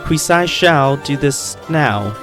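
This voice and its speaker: A man voicing a ponderous living stone statue man who speaks of himself in the third person, read slowly from a game. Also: on the high side, expressive, over music. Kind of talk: reading game dialogue aloud.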